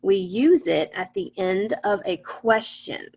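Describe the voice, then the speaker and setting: Gravelly-voiced woman teaching phonics. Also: medium pitch, slow, background noise. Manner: patient, asks the class questions and answers them. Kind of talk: online phonics lesson.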